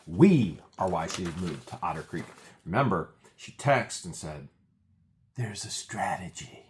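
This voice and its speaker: A man's voice: sits low, very animated, unhurried, a little mellow. A man co-hosting a casual talk show, commenting indignantly and emphatically on a court case. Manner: emphatic, indignant, quotes testimony. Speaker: podcast co-host.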